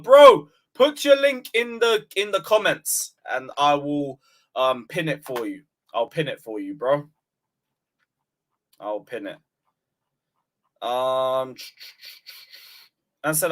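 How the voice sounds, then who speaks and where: Lively bright streamer. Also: male voice, a little high, slow pace, long pauses. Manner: mocking, tired, says he is exhausted. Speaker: streamer reacting to clips and super chats. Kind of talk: casual live-stream chat.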